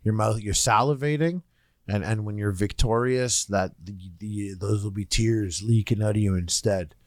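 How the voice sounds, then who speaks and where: Young man, mid-pitched, teasing and rambly, dry booth sound. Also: dry recording. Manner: quick, teasing, rambling explanations. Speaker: podcast co-host. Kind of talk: casual podcast banter.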